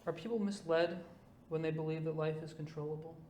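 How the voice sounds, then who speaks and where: A man's voice: a little high, fairly even intonation, a little fast, warm tone. A male interviewer who asks brief, direct questions. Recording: roomy echo with faint background hum.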